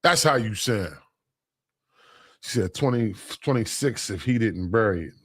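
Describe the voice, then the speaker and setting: A man's voice: on the low side, expressive, unhurried, fairly bright tone, breathy edge. A man hosting a casual livestream, reading chat comments aloud, using laid-back slang and teasing with frequent laughs. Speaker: livestream host.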